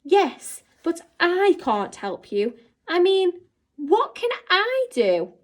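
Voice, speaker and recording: Woman putting on a high squealing young girl, theatrical, storybook voice, swooping and loud. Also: big pitch swings, slow pace, exaggerated voice. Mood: wondering.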